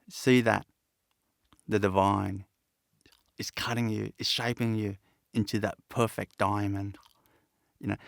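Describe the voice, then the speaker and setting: A man giving a satsang talk as a spiritual teacher, speaking in a halting, reflective and earnest way with many pauses and restarts. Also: lowish voice, gravelly, a bit bright, no room sound, studio quality.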